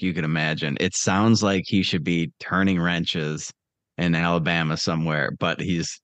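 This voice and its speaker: A man with a very low voice hosts a casual podcast, rambling and teasing his co-host with frequent swearing. The recording is dry and close. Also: a bit bright, no echo. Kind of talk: casual chat.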